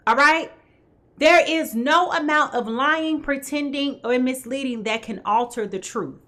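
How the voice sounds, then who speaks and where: A woman's voice: high voice, unhurried, pushed and bright. A woman hosting a live tarot reading who talks straight to her viewers and keeps checking in with "okay?". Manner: talks straight to viewers, greets them by name. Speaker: tarot reader host.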